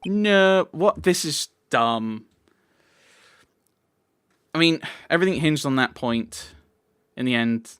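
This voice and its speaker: A man's voice: medium pitch, takes it slowly, long pauses, a bit bright, clear, resonant tone, dry recording, clean studio sound. A man playing through a courtroom game, reading the characters' lines aloud in his own voice and ranting about the plot. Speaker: let's player. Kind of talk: commentary while reading game dialogue aloud. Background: game music.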